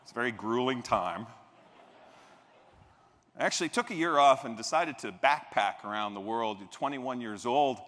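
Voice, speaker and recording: Guy giving a jokey motivational keynote, bright lively voice, big echoey hall. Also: mid-range voice, moderate pace, long pauses. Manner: animated, jokey, playful asides to the audience. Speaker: keynote speaker. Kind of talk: motivational keynote with humorous storytelling. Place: large convention hall stage.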